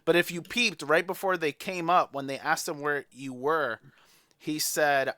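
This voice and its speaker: Smooth, bright man chiming in on a podcast. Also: a little high, fairly even intonation, measured pace, no echo, studio quality. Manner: laid-back, teasing, chimes in briefly. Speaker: podcast co-host. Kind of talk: casual wrestling recap chat.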